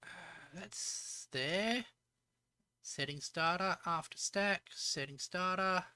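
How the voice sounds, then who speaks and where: A woman's voice: lowish voice, takes it slowly, sharp tone, smooth, dry recording. An Australian woman streaming as a VTuber, thinking aloud as she codes and chatting with viewers in between. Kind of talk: live coding stream chat.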